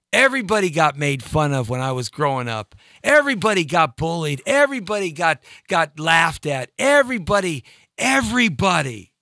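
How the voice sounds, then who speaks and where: A man's voice: high-pitched, sharp tone, no echo, studio quality. A middle-aged male host rambling and joking on a live show, laughing at his own gags.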